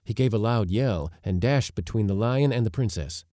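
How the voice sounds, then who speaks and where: A man reading a story aloud in an expressive, wry narrating manner. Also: lowish voice, moderate pace, dry recording, clean studio sound. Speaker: audiobook narrator.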